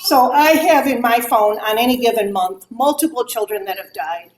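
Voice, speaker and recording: A woman's voice: on the high side, moderate pace, slight background noise. A middle-aged woman speaking candidly about grief to a group of mothers, acting out the remarks people made to her. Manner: candid, animated, acts out quoted remarks. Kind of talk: talk to a moms' group. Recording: echoey room with faint ambience.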